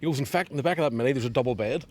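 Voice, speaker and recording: A man's voice: medium pitch, rapid-fire, a little mellow, slight background noise. A Northern Irish man, a comedian, chatting casually in a garden, telling a long joke and laughing often as he swears freely. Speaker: comedian guest. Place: outdoors in a garden.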